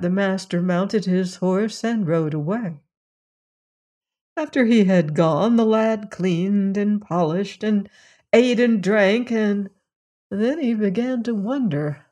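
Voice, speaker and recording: A storyteller reading a fairy tale aloud in a slow, measured manner. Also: mid-range voice, warm tone.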